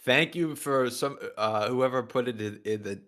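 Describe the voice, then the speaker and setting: A man's voice: mid-range voice, normal speed, a bit bright. Stammering male co-host, casual banter. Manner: stammering, laughing, repeats words.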